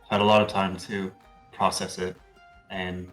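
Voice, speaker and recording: Deep-voiced man playing a tabletop character. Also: level tone, soft background music, poor audio. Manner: hesitant, halting, soft-spoken. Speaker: player. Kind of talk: in-character tabletop role-play.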